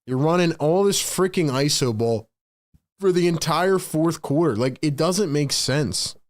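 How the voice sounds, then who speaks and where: A man's voice: a little high, a little slow. A man doing live play-by-play for his own fan stream, calling the action and ranting in frustration between plays. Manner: sighs and rants between calls.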